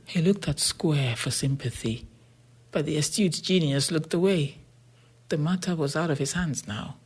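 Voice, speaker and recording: An audiobook narrator reading a science fiction story in a steady, plain storytelling manner, often half-whispered. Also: mid-range voice, unhurried, husky.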